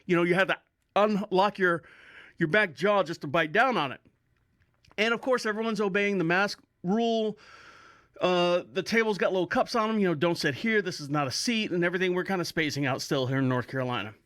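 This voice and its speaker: A man with a Florida accent, pitched notably high for a man, talks through a casual solo podcast. His delivery is chatty and upbeat, full of rambling asides and little chuckles. The sound is close and dry, with no room around it. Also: brisk, fairly bright tone, no echo. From Orlando, Florida. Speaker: podcast host.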